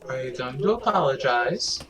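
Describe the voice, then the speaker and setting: A man's voice: medium pitch, very animated, moderate pace, a crowd in the background, close to an everyday voice. A man voicing a friendly, upbeat dad character while reading game dialogue aloud, with game music behind. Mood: gently chiding.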